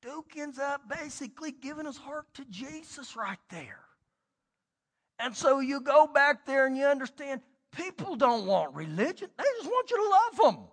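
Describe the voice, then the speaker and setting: A middle-aged man preaching a sermon as pastor, telling stories and swinging between loud and hushed delivery. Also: very high-pitched, sing-song, moderate pace, big-room sound.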